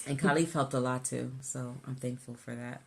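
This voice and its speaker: A woman co-hosting a casual weight-loss vlog, animated and laughing, tired from a busy week. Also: moderate pace, vocal fry. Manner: animated, laughing, rising pitch when exasperated. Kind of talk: casual chat.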